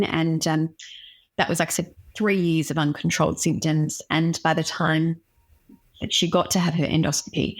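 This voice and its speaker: A woman doctor, a podcast guest, telling a personal story in an earnest, reflective way. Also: sits low.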